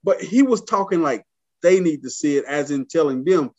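A man's voice: a little high, moderate pace. A man who is a guest, telling a personal story in casual talk and acting out the people in it. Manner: animated storyteller who acts out voices in quotes. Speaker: guest, military veteran and artist. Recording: dull lo-fi sound.

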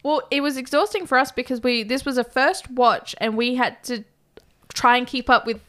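A woman co-hosting a podcast, chatting casually as she recaps a film, animated, laughing often and acting out lines. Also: high voice, normal speed. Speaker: podcast co-host.

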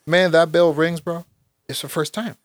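A man in his forties, a guest in casual conversation, telling stories in an animated, profane way and saying "bro" constantly. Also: fairly high pitch, normal speed, dry recording. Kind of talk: casual storytelling.

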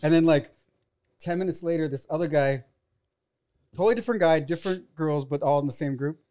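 A man tells a loose, rambling story among friends and acts out what people said. His voice sits a little high, and he swears casually as he goes. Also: brisk, dark tone. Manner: laid-back storyteller, acts out quotes, swears. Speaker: podcast co-host.

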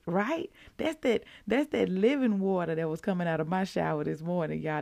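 A woman hosting a daily faith podcast, chatting with excitement and calling her listeners y'all. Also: mid-range voice, normal speed, creaky, few pauses, no echo. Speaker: podcast host. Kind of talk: casual devotional podcast talk.

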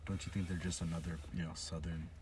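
A deep-voiced man talks loosely on a casual podcast, cracking jokes and swearing freely. He sits back from the microphone, so he sounds a little distant, with a faint hiss behind him. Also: fast. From United States. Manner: animated, joking, swearing freely. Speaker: podcast co-host. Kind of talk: casual chat. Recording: distant mic with background hiss.

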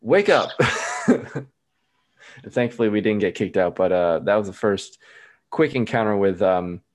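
Midwest guy on a podcast telling hypnosis stories, fairly low voice, laughs as he goes. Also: fairly quick. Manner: lively storyteller who laughs at his own stories. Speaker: guest hypnotist. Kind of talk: casual storytelling.

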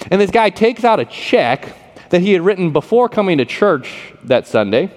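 A man preaching a sermon, telling a story in a conversational, animated way and often repeating words. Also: high-pitched, normal speed. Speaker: pastor. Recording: long reverb of a large hall.

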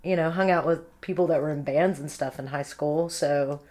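A woman's voice: sits low, steady tone, normal speed, darkish tone. A woman in her forties, a musician guest in a casual chat, easygoing and self-deprecating. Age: 40s.

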